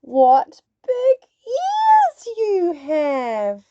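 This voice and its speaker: A woman voicing a curious young girl in a storybook, asking slow, drawn-out, wondering questions. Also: extremely high pitch, huge pitch swings, dark tone, no echo, muffled recording, pitched above the performer's own voice, full character voice.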